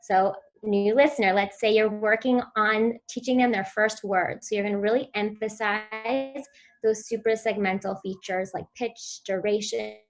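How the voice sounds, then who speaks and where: A woman presents at a virtual conference, walking listeners through techniques step by step. Her delivery is clear and instructive, and her pitch sits in the middle range for a woman. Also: fairly even intonation, normal speed, soft background music. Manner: clear instructive delivery, models sounds for children. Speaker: speech therapy presenter.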